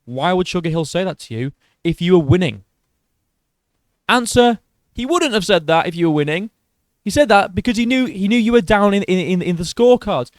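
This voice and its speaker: A man's voice: high voice, lively intonation, a little fast, no echo. A man giving blunt, profane reaction commentary on boxing.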